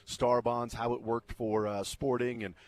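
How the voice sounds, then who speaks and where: A man's voice: medium pitch, level tone, measured pace, a little mellow. A middle-aged man hosting a sports radio show. He tells a loose story in a casual way and fills it with lots of ums and uhs. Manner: rambling, filler-heavy, laughs through his stories.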